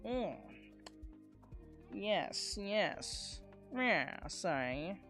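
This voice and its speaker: A man's voice: high voice, big pitch swings, very slow, sharp tone, soft background music. A man streaming as a VTuber, chatting casually with a sarcastic, self-mocking humor and frequent laughs. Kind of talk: casual live-stream chat while drawing.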